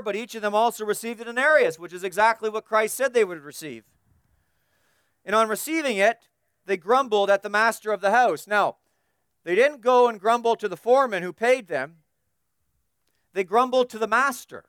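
A man's voice: high-pitched, fairly bright tone, clean tone, dry recording. Male preacher with a resonant voice, dry close sound, builds emphatic repeated lists. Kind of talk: expository sermon.

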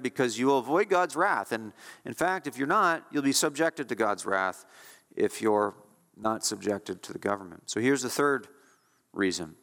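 A man's voice: mid-range voice, a bit bright, long reverb tail. A male pastor preaching a sermon with emphatic delivery, repeating key phrases to drive points home.

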